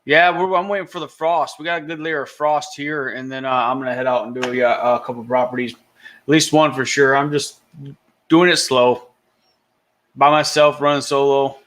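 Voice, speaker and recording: A man's voice: medium pitch, fairly even intonation, moderate pace, a bit bright. Easygoing man hosting a morning chat. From Michigan. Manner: laid-back, rambling, restarts often. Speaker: livestream host. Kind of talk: casual morning live chat. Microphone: headphones and computer mic.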